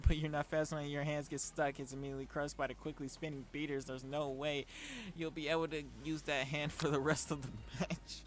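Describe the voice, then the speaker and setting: Animated man reacting to a dating sim. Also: on the high side, fairly quick, few pauses. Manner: animated, laughing, lots of fillers. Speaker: gaming streamer.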